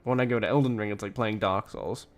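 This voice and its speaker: A man's voice: on the low side, fairly even intonation, fast. A tired man streaming and reacting to a clip, rambling and blunt in casual commentary, cursing freely.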